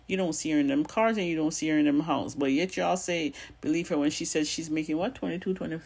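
Woman, accented, husky breathy voice, blunt and sassy, swears freely, casual commentary vlog. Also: on the low side. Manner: has a non-standard accent of her own. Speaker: gossip commentary vlogger.

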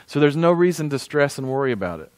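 A man's voice: on the high side, big pitch swings, quick pace, dry recording. A man preaching a conversational sermon as pastor, often asking the congregation for an amen. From United States.

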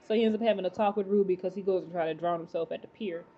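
A woman casually recapping a TV episode, rambling with many fillers and excited exclamations. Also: fairly low pitch, very fast, dull audio. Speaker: TV episode reviewer.

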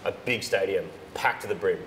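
A man with an Australian accent co-hosting a casual chat show, keen and quick with his comments. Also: deep voice, a bit bright. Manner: quick, enthusiastic interjections. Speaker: co-host. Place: restaurant dining room. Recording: roomy room with clear background noise.

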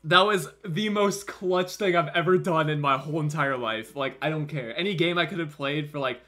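Elated high-voiced young man streaming. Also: moderate pace, faint music behind. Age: early 20s. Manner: shouting, elated and swearing. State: throat strained from screaming. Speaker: gaming streamer. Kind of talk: excited gaming stream commentary.

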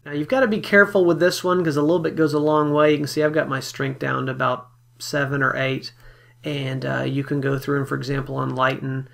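Gravelly man walking through photo edits. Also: mid-range voice, a little fast. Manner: relaxed, explanatory, with fillers. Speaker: photography software tutor. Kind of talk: screen-recorded software tutorial.

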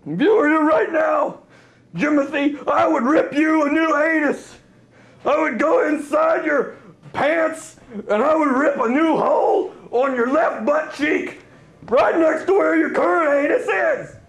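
A man's voice: very high voice, unhurried, rough recording. A man playing a melodramatic, lonely young man who whines and shrieks through theatrical rants in a comedy sketch. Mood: ranting.

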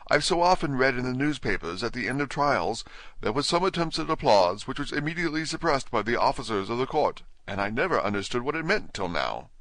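A man's voice: medium pitch, sing-song, a little fast, a bit bright, no echo, pitched above the performer's own voice, rough recording. A man voicing a polite, spirited young girl in a storybook reading. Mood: meek. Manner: meek, then bold.

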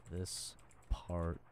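A young man commentating his own game as he plays, reacting loudly with panicked yelling, curses and laughter. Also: low voice, creaky. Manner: loud, jumpy reactions, swearing and panicked yelling. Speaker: gaming YouTuber. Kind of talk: let's play commentary.

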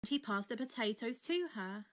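A woman narrating a children's story in an expressive read-aloud manner. Her voice sits somewhat high. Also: normal speed.

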